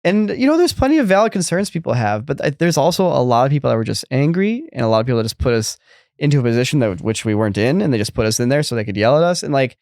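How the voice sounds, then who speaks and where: A man's voice: medium pitch, big pitch swings, very fast, a little mellow, dry recording, studio quality. A man in his thirties co-hosting a podcast in casual chat, rambling with lots of fillers. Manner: rambling, many fillers and restarts. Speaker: podcast co-host.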